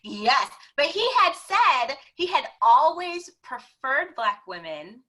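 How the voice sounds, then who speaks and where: A woman guest in an interview, telling personal stories in an animated way and often laughing. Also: sits high, slow, poor audio. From America. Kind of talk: conversational storytelling.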